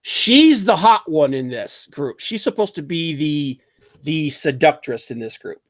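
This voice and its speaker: A man hosts a casual livestream, talking in an animated, opinionated way and reacting to chat as he goes. His voice sits a little high. The sound is dry and close, with no room in it. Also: a little slow, dry recording. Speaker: podcast host.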